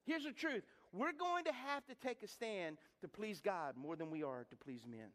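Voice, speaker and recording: Brief: middle-aged man, high-pitched pastor, folksy humorous sermon, questions the crowd. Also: normal speed. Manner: lively, humorous, rhetorical questions to the congregation; repeats words and restarts while building stories. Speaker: preacher. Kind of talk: sermon with storytelling.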